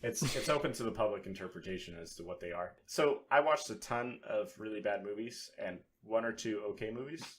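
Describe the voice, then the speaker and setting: A man's voice: fairly low pitch, brisk, hardly any pauses, slight background noise. A man co-hosting a casual podcast, rambling through jokes with a bit of swearing. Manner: rambling, joking and profane. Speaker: podcast co-host. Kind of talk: casual chat.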